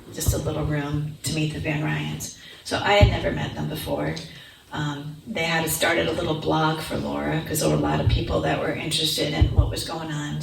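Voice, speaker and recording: A woman's voice: deep voice, gravelly. A middle-aged woman speaking at a conference, animatedly telling a personal testimony and acting out the voices of the people in it. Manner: animated storyteller, acts out quoted voices. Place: conference hall. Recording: echoey hall, distant mic, noisy.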